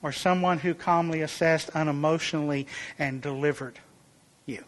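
A man's voice: fairly even intonation, normal speed. A man preaching a sermon in an earnest, emphatic way. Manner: earnest, emphatic, rises in pitch and volume for illustrations.

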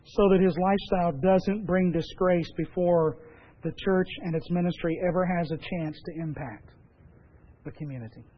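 A high-pitched male pastor delivers a sermon in an emphatic, measured way, leaning on repeated phrases. The sound is dull and lo-fi, as if from a radio broadcast.

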